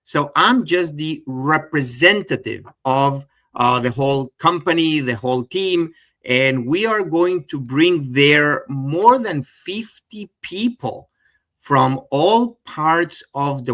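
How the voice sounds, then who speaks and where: A man's voice: fairly high pitch, fairly bright tone. A middle-aged man with a Venezuelan Spanish accent giving a chatty, enthusiastic live webinar presentation and speaking straight to his viewers. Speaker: genealogy presenter.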